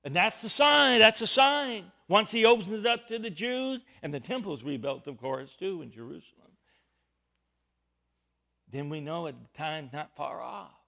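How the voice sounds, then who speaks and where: A high-voiced man delivers a Bible teaching sermon at a slow, deliberate pace. His pitch swings widely as he leans hard on key words. His delivery is emphatic throughout. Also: expressive, vocal fry, pushed and bright. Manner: emphatic, rising and falling with stress on key words. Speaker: preacher.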